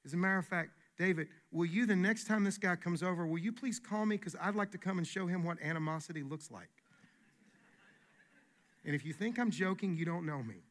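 A male pastor delivers a sermon with animated emphasis and frequent repeated restarts. His voice sits slightly high and sounds bright and forceful. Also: a little fast.

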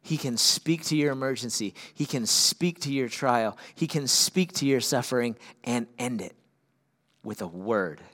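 A man preaching a sermon as pastor, swinging from loud, urgent peaks down to quiet, earnest lows. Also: animated, a little slow.

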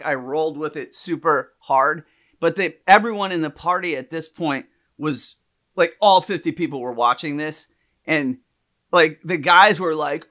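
A man telling a story in casual chat, animated, acting out the people he quotes. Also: on the high side.

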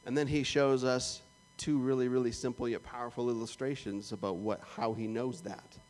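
A man's voice: medium pitch, steady tone, moderate pace, a little mellow, soft background music. A man with a Canadian accent preaching a sermon in a conversational, joking way, acting out little prayers and asides. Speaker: pastor.

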